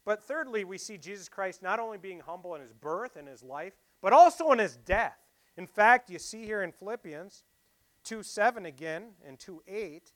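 A man preaching a sermon, asking his listeners questions and swinging between loud emphasis and quiet asides. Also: high-pitched, animated, normal speed. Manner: asks the congregation rhetorical questions.

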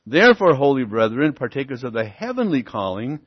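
A man preaching a sermon as pastor, teaching verse by verse, often checking in with "okay?" and "see?" and slowing down to stress key words. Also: medium pitch, very animated, husky. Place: church. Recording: lo-fi church recording.

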